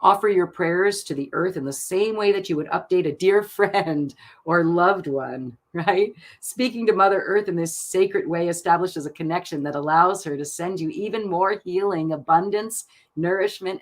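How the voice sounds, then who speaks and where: A woman giving card readings on a live stream, reading out card texts in a soft, gentle manner and laughing often. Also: on the low side, normal speed, few pauses. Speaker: tarot card reader.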